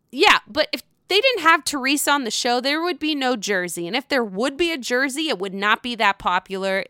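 A woman recapping reality TV in a casual, gossipy way, swearing freely and jumping into high squeals. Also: clear, resonant tone, no echo, clean studio sound. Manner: gossipy, profane, animated with sudden high squeals.

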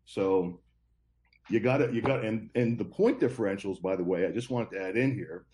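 A man's voice: on the low side, fairly quick, mellow. A man giving sports betting picks as a guest, rambling and confident, often repeating himself. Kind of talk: casual podcast chat.

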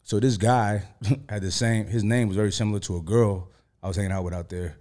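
A man's voice: on the low side, steady tone, a little fast, darkish tone. A man as an interview guest, telling stories in a laid-back, profane way with lots of "you know" fillers. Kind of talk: casual storytelling.

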